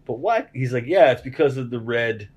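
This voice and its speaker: Animated laughing male podcast host. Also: medium pitch, moderate pace, breathy edge. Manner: animated, profane, laughs while telling stories. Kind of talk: casual chat, storytelling.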